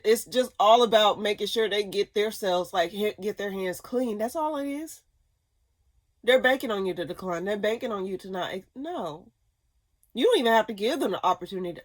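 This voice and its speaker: A woman doing a casual tarot reading, blunt and profane, given to ranting. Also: mid-range voice. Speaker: tarot reader.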